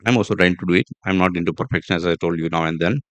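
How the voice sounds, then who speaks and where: Low-voiced man teaching on a podcast. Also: a bit bright, dry recording. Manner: deliberate, repetitive, with fillers and restarts. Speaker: podcast host and English teacher. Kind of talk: instructional podcast monologue.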